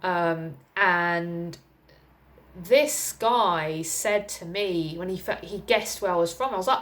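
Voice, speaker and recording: A young woman from England talks candidly to her camera in a relaxed personal vlog. Her voice sits a little low for a woman, and she rambles, circling back with fillers before landing her point. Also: takes it slowly. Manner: candid and chatty, with frequent fillers and laughs. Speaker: vlogger. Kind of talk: casual personal talk to camera.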